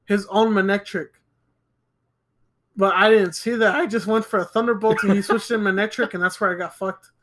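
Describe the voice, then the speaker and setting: A man's voice: high voice, steady tone, normal speed, a bit bright. A young man speaks in an ordinary mid-range voice on a casual podcast. He jokes and swears freely, often laughing along. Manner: profane, joking, laughs a lot. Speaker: podcast co-host. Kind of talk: casual chat.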